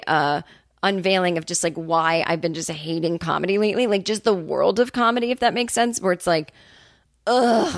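A woman with a lowish speaking voice tells a long, rambling story with profane, sarcastic asides. The sound is dry and close, with no room around her. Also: dry recording. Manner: animated storyteller, quick asides. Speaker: comedian podcast host. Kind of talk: casual solo monologue.

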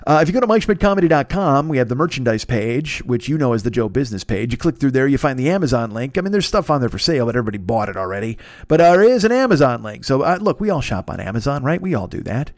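A man's voice: mid-range voice, big pitch swings, fast talker, no room sound, clean studio sound. A man hosting a podcast, doing rambling, profane, joking ad reads in a casual chat style. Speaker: podcast host.

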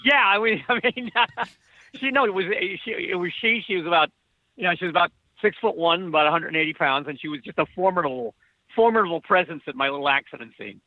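A male author talking as a guest in casual conversation, halting and repeating words, laughing often, heard over a dull lo-fi remote line. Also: high voice, no echo.

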